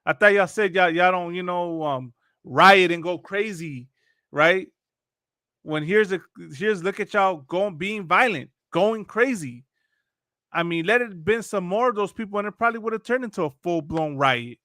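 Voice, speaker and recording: High, sharp, mocking man preaching. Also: normal speed, no echo, clean studio sound. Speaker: host reacting to videos. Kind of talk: religious commentary talk.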